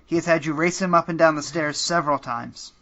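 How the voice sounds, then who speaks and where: A man narrates a comedic choose-your-own-adventure game as podcast host, keeping a dry, deadpan delivery that now and then breaks into laughs. His voice has a bright edge. The recording is slightly muffled and lo-fi. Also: on the high side, brisk.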